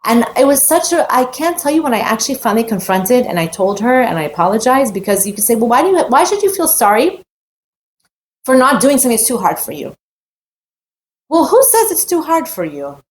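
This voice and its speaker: A woman's voice: a little high, lively intonation, quick pace, slight background noise. A woman giving a heartfelt, emphatic personal Torah talk, repeating phrases and mixing in Hebrew terms. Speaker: Torah teacher.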